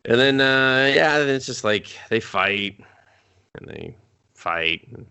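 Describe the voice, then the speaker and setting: A man's voice: medium pitch, expressive, slow pace, gravelly, sharp tone, smooth. A man co-hosting a movie review podcast in casual chat, cursing freely as he acts out scenes.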